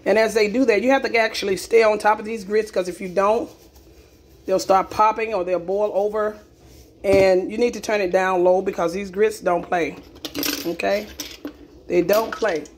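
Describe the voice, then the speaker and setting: A woman's voice: mid-range voice, fairly even intonation, moderate pace. A woman hosting a casual cooking demonstration in her home kitchen, chatty and repeating herself with lots of "okay?" asides. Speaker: cooking video host.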